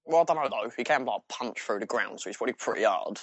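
A man's voice: mid-range voice, quick pace, no echo. A young man from southern England, cohosting a casual podcast chat, sweary and joking. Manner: sweary, joking, lively delivery. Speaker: podcast co-host.

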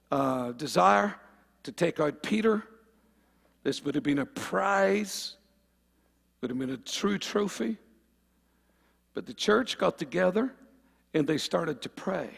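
A man preaching a fervent sermon, calling on the congregation for amens and swinging between loud and quiet passages. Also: on the high side, creaky, breathy edge, in a large hall.

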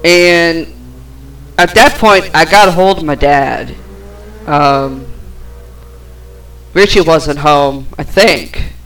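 Woman vlogger, slow-paced storyteller, profane and frustrated, lots of filler words. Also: low-pitched, fairly bright tone, soft background music, low-quality recording. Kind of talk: personal storytelling.

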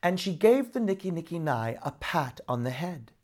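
A woman reading a children's story aloud with expressive narration. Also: low-pitched, normal speed.

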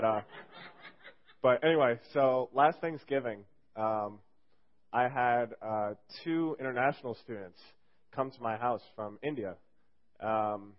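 A young man giving a casual youth sermon as a fill-in speaker, rambling and joking with lots of fillers. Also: medium pitch. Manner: rambling and jokey, heavy on fillers. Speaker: youth group speaker filling in. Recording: dull lo-fi recording.

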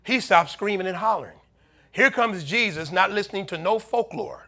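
High, bright-voiced animated preacher man. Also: normal speed. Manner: animated preaching, acting out townspeople's warnings. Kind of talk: sermon.

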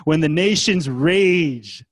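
A man preaching a sermon as a pastor, swinging between hushed, gentle passages and loud, emphatic ones, with casual asides. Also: on the high side, lively intonation, takes it slowly, husky.

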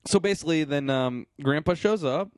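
A man's voice: a little high, moderate pace, no room sound, studio quality. A man co-hosting a podcast, recapping a TV show in loose, jokey chat and slipping into silly voices. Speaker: podcast co-host.

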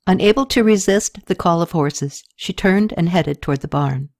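Woman reading a storybook aloud, lowish voice, little lifts for the dialogue. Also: moderate pace, a little mellow. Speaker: audiobook narrator. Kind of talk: scripted narration.

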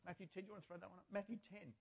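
A man preaching a sermon, passionate and theatrical, jumping from shouted points to quiet, sarcastic asides, on a mic clipped near his chin. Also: high voice, level tone, very fast, gravelly, breathy edge. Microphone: clip-on or headset mic near the chin.

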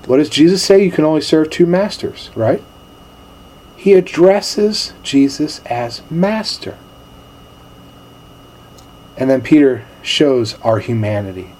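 A male pastor giving a sermon in a relaxed, storytelling manner with casual slang. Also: on the high side, slow, long pauses.

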